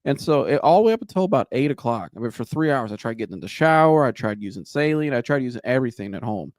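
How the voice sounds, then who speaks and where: Guy rambling thru a story on his podcast, mid pitch, dead dry sound. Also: fast talker, no room sound. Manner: rambling, animated anecdote with laughs and restarts. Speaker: podcast host. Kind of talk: casual storytelling.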